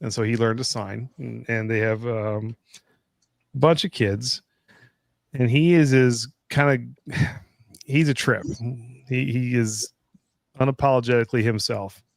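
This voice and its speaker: A man's voice: mid-range voice, fairly even intonation, measured pace, creaky, long pauses, dry recording, clean studio sound. A middle-aged man co-hosting a live stream, telling a long story in a loose, rambling casual chat style, often restarting his sentences.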